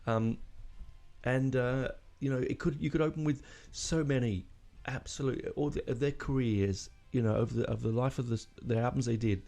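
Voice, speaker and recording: A man's voice: mid-range voice, normal speed, dark tone. A man hosting a casual music podcast, rambling and emotional, with lots of fillers and restarts. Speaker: podcast host.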